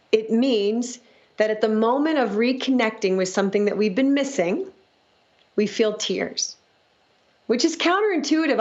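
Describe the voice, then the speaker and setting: Teacherly woman on a dull lo-fi call. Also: medium pitch. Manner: reflective, teacherly, often adds "right?". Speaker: guest teacher of music and sound healing. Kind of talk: answering questions in an online Q&A.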